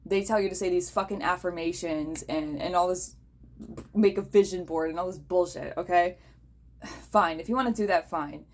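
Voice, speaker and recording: A woman with a somewhat low voice talks casually and bluntly. She swears freely and often pauses to ask her listener "okay?" Her delivery is direct and unfiltered. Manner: blunt, profane, checks in with "okay?". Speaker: host. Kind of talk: casual talk.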